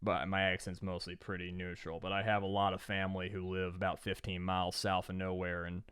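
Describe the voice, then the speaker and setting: A man's voice: low-pitched, completely flat delivery, a little fast, fairly bright tone, clear, resonant tone, no echo, studio quality. A man from Georgia co-hosting a podcast, talking in a rambling, sardonic, profane way. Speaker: podcast co-host. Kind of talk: casual podcast chat.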